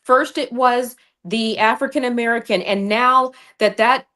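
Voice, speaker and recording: A woman's voice: fairly high pitch, steady tone, a little slow, pushed and bright. A woman hosting a political talk show over a video call, telling a story with indignant passion. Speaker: political podcast host.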